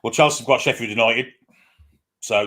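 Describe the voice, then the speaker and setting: A man co-hosting a casual live stream, talking quickly and opinionatedly and often asking for agreement. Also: mid-range voice, sharp tone. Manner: rapid, opinionated, asks for agreement. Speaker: co-host.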